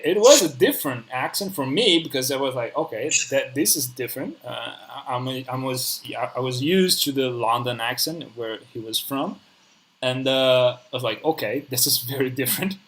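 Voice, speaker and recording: A man's voice: medium pitch, normal speed, a bit bright, poor audio. Hesitant man with a mid-range voice. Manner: hesitant, many fillers and restarts. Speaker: live stream host. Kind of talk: casual conversation.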